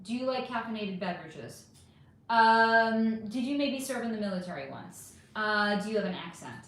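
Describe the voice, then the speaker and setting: A woman with a fairly high voice hosts a relaxed livestream, reading and answering viewer comments in a chatty, animated way. The recording carries a noticeable room echo. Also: normal speed. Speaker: livestream host reading chat. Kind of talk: casual livestream chat. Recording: echoey room.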